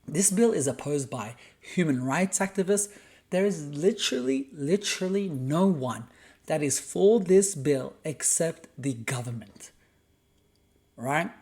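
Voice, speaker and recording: A man's voice: on the high side, lively intonation, measured pace, a little mellow. An Australian man hosting a podcast, delivering a heated, profane solo rant. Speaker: podcast host.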